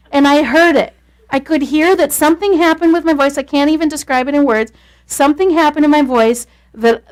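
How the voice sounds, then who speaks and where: A woman leading a class on marriage communication, talking fast and telling stories in a lively, casual way. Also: a little high. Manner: fast-talking, animated storytelling.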